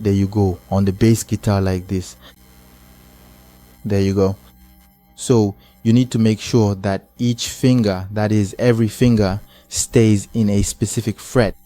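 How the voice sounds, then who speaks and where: A man teaching a bass guitar lesson, explaining hand positions step by step and repeating key points patiently. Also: mellow. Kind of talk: hands-on instrument lesson.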